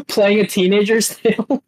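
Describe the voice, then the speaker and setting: A man co-hosting a casual podcast, telling a long story in a halting, rambling way and laughing as he goes. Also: high-pitched, low-quality recording. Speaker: podcast co-host. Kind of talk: casual chat.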